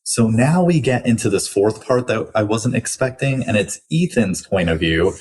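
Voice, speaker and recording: A man's voice: fairly low pitch, animated, normal speed, a little mellow, husky. A young man hosting a book podcast, chatting casually through a review with lots of likes and restarts.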